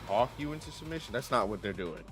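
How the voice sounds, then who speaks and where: A man hosting a livestream, chatting casually in an animated, profane way and laughing often. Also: medium pitch, fast, noisy background. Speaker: streamer host.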